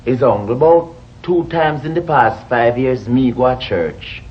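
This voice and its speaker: A man's voice: medium pitch, animated, unhurried. A Jamaican man delivers sitcom lines, protesting and complaining for laughs. His voice swings widely up and down. The sound is dull, like an old lo-fi TV recording. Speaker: sitcom actor. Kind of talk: sitcom comedy acting.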